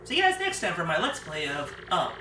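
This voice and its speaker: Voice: mid-range voice, wildly swooping pitch, brisk. Casual let's play guy joking around, echoey far-off phone recording with noise. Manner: offhand, joking. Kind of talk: casual gameplay commentary.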